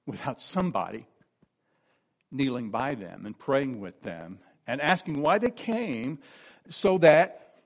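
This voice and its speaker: A gravelly-voiced preacher in his sixties tells his personal testimony earnestly and warmly, very animated yet slow. He lowers his voice to a soft, deep register whenever he quotes someone.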